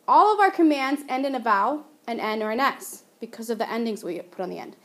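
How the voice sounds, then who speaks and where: Female teacher with a high voice, casual and patient in a classroom lesson. She stretches her example words out. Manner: chatty, patient explaining, drawing out example words slowly. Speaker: Spanish teacher. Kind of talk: recorded classroom grammar lesson.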